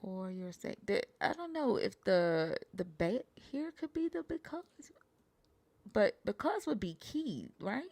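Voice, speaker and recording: This young woman, hosting a podcast chat on Hebrew translation, speaks in a mid-range, slightly mellow voice that's very animated yet measured in pace. She sounds out words haltingly, trails off, and curses occasionally, with no room sound.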